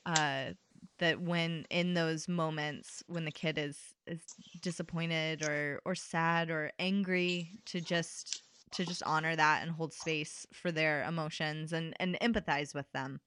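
A woman interviewer speaking in an unhurried, affirming way with soft laughs. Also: deep voice, fairly even intonation, smooth. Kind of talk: conversational interview.

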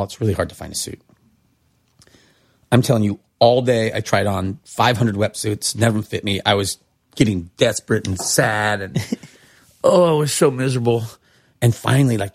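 A middle-aged man from California, a podcast guest telling stories casually in an animated, rambling way, acting out quotes. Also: on the low side, vocal fry. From Santa Cruz, California. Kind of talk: casual storytelling.

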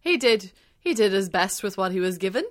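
A woman's voice: medium pitch, animated, a little fast. A woman co-hosting a movie podcast in casual chat, rambling and emphatic. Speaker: podcast co-host.

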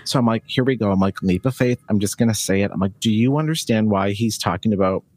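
Man, psychic medium guest, rambly storyteller; low-ish husky tone, dry close sound. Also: quick pace, a little mellow, dry recording. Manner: rambling, laughing, self-interrupting. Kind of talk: casual storytelling.

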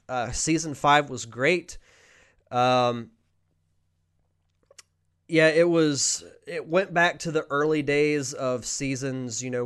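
Smooth-voiced male podcast host. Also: mid-range voice. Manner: relaxed, reads out viewer questions and answers off the cuff. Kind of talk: casual live Q&A chat.

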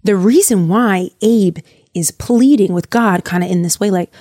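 A woman's voice: mid-range voice, unhurried, dark tone, no echo, clean studio sound. A woman podcast host casually retelling a Bible story in a chatty, jokey way.

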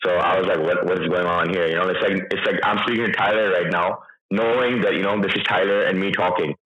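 Man in his thirties, lower voice, halting emotional account, recorded in a roomy space with lo-fi sound. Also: fairly even intonation, slight background noise. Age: 30s. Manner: emotional, hesitant storytelling with many restarts. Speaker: interview guest. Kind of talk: personal account in an interview.

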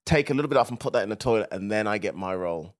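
A man's voice: on the low side, very fast. A man with a Birmingham accent, co-hosting a casual comedy podcast and joking with a lot of laughter. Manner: joking, laughs often, animated.

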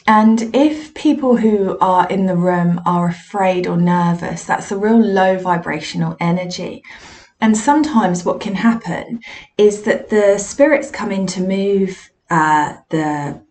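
A woman's voice: mid-range voice, measured pace, darkish tone. A woman, a podcast host and medium, telling candid, self-deprecating stories from her own work. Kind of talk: personal storytelling monologue.

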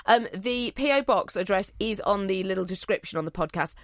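A British woman co-hosting a chatty podcast, playful and quick to laugh as she reads out listener messages. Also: mid-range voice, dry recording, clean studio sound. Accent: British English. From Britain. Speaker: podcast co-host. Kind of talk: casual podcast chat.

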